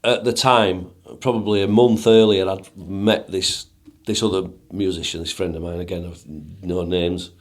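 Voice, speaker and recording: A middle-aged man with a Northern English accent speaks in a very low, deep voice. He tells a personal story as a podcast guest, casual and earnest. He often repeats and restarts his words as he goes. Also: steady tone, a little slow, hardly any pauses. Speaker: guest, musician and DJ.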